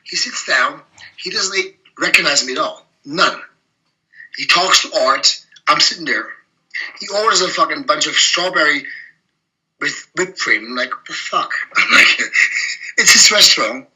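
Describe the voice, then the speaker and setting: A man's voice: a little high, normal speed, low-quality recording. A middle-aged man from Germany, a bodybuilder guest telling blunt, profane stories in a casual interview. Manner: blunt, profane, animated anecdotes with frequent laughs.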